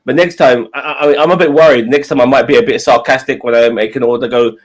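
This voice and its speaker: A man's voice: mid-range voice, steady tone, quick pace. A man co-hosting a live stream, ranting and swearing heavily in casual chat. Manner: swears a lot, exasperated ranting. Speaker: co-host.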